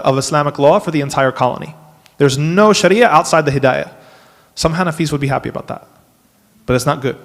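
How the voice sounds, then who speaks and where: A man, an imam, giving a workshop lecture to a live audience, animated and dropping wry asides. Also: on the high side. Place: mosque hall. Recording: long hall reverb.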